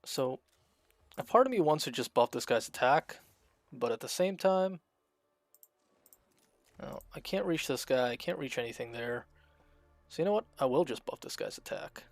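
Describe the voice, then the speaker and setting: A man streaming a strategy game, chatting casually and thinking out loud as he plays, with frequent fillers and restarts. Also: medium pitch, expressive, normal speed, vocal fry, pauses often, dry recording. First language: Russian. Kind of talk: casual gameplay commentary.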